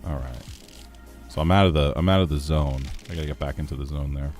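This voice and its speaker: A man's voice: a bass voice, quick pace, darkish tone, soft background music. A man streaming a game, chatting casually with his chat, laughing easily as he plays.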